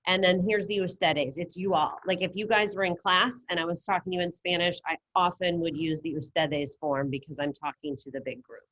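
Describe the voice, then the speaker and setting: A woman's voice: fairly low pitch, steady tone, brisk, few pauses, a bit bright. Patient woman teaching an online class. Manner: patient, encouraging, explains step by step. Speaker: Spanish teacher. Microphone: computer mic on video call.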